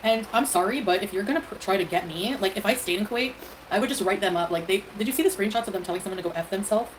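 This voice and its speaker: A woman talks casually on a livestream, rambling defensively and using lots of fillers. Her mid-range voice races along, and the livestream audio carries background noise.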